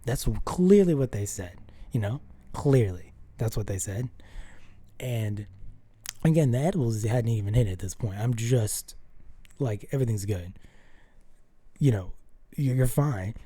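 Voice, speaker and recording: A vlogger tells a rambling personal story to the camera, full of fillers and restarts, often acting out what people said. The voice is medium-pitched and mellow with a breathy edge, and there's no echo.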